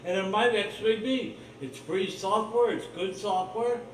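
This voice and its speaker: A man's voice: high voice, normal speed, far from the mic, slight background noise. A man hosting his own livestream, talking in a rambling, blunt, profane monologue full of suspicion. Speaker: livestream host. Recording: roomy echo, voice off-mic, faint ambience.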